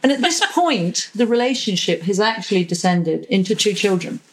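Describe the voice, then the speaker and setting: A woman therapist talking in a podcast interview, animated, acting out quoted voices and swearing casually. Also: mid-range voice, normal speed, rough recording. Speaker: psychosexual and relationship therapist, podcast guest.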